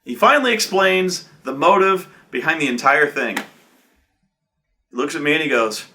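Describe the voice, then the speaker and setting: A man casually recounting a tabletop game session, profane and animated, with many "like" fillers. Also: fairly high pitch, a little slow, slight background noise. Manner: profane, animated, fills speech with "like". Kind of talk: casual anecdote.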